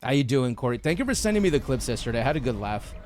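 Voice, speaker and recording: A man's voice: mid-range voice, very animated, very fast, slight background noise. A man streaming a game, chatting casually and joking, laughing often. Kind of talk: casual live-stream chat.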